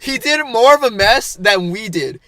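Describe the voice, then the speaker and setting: A man's voice: high-pitched, lively intonation, normal speed, pushed and bright, no room sound, studio quality. A man, a podcast co-host, telling a rambling story in casual chat with lots of fillers and bursts of laughter.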